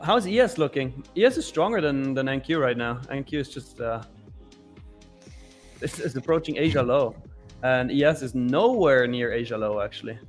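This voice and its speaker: A man co-hosting a live trading show, chatting casually in an upbeat, joking way and pitching a sale. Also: lively intonation, normal speed, faint music behind. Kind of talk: casual chat.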